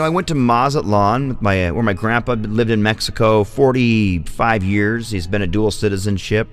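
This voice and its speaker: Rambling, profane male vlog host. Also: lowish voice. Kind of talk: casual storytelling.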